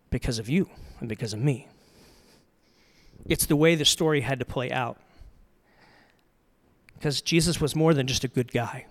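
A middle-aged male pastor preaching a sermon, telling the story earnestly, swinging from loud emphasis to soft, quiet passages. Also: mid-range voice.

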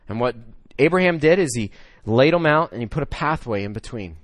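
Male pastor, 30s, dry close sound, animated storytelling sermon voice. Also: mid-range voice, a little fast, no room sound. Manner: storytelling with swings from loud excitement to hushed emotion.

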